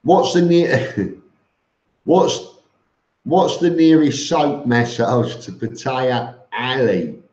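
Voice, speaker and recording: Guy doing a live chat stream, slow and unhurried, roomy dull sound, lots of ums and restarts. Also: medium pitch, darkish tone. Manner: reads out viewer comments, answers with fillers and restarts; blunt and matter-of-fact, says "mate". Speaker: vlogger answering live chat.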